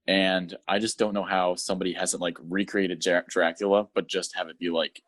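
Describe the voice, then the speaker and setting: A man's voice: low-pitched, level tone, moderate pace, a bit bright. A man co-hosting a podcast in casual chat, rambling with lots of fillers and acting out scenes in silly voices. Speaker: podcast co-host.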